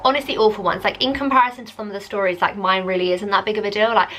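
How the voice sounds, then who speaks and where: A woman's voice: mid-range voice, steady tone, racing, fairly bright tone. A young woman telling a story to camera in a chatty vlog, exasperated and talking with lots of "like". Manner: chatty, exasperated, heavy use of "like". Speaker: vlogger.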